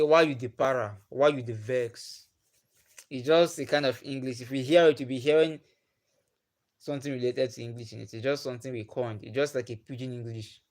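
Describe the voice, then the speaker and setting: In a mid-range voice, a young Nigerian man hosts a livestream, chatting informally with viewers. His accent is Nigerian, Igbo is his first language, and he frequently goes back over what he's said.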